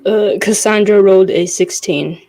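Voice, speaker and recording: A player in a tabletop game, describing their actions in an unhurried way with fillers. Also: medium pitch, dark tone, rough recording.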